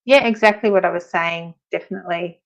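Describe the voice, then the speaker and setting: Chatty woman, low, lo-fi. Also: fairly quick. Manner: chatty, reads viewer comments aloud. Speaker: guest. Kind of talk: casual live-stream chat.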